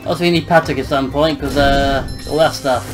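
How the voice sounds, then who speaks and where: A man's voice: medium pitch, fairly even intonation, brisk, music in the background, rough recording. A young man giving casual, joking let's-play commentary, muttering and swearing at the game. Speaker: gameplay commentator.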